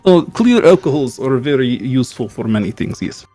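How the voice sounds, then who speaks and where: A man putting on a halting mock-Russian scientist healer. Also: medium pitch, expressive, dark tone, faint music behind, natural voice. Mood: earnest, pedantic. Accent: put-on Russian. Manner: halting, searching for words.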